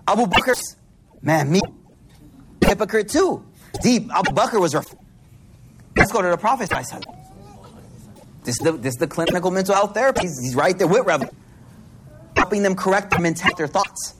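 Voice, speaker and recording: A man giving an informal religious talk, slangy and animated, swinging between hushed and loud. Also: sits high, brisk, long pauses. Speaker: religious speaker. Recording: noisy recording with clicks.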